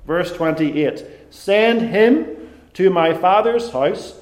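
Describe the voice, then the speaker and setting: A man preaching a sermon, deliberate and emphatic, with dramatic pauses. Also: high voice, lively intonation, echoey room.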